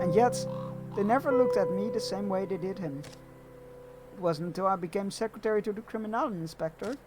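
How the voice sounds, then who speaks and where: A young woman speaks of her lost brother with quiet grief that turns bitter, read out by a man. The voice sits slightly high. Soft game music plays underneath. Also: close to an everyday voice, rough recording. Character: grieving young woman, resentful sister.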